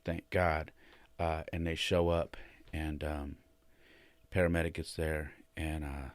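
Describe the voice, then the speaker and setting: Podcast host, male, very deep voice, shaken storyteller, dry close recording. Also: takes it slowly, no room sound. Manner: retells with animated quoted voices, many fillers. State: shaken and emotional. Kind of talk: casual storytelling.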